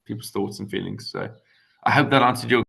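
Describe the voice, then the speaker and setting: A man's voice: on the low side, brisk, creaky, sharp tone, breathy edge. A young man from England, a guest economist, talking casually over a video call with many ums and restarts. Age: young adult.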